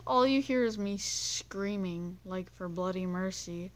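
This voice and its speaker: Teen girl, gaming commentary, slow unhurried chatter, self-mocking, breaks into screams. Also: mid-range voice. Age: teens. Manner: bursts into screams and sing-song humming. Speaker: gaming YouTuber. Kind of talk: gameplay commentary.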